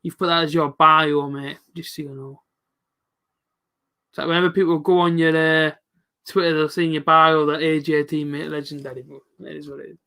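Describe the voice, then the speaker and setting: His pitch sits on the high side, and he keeps a flat delivery at normal speed with a sharp edge. He's a man in his late twenties casually commentating a live football stream, reading chat and greeting viewers by name.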